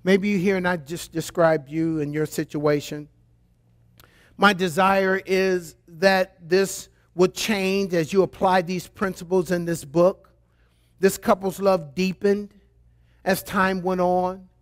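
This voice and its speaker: Male pastor, sermon, high-pitched voice, animated, playful asides. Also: unhurried.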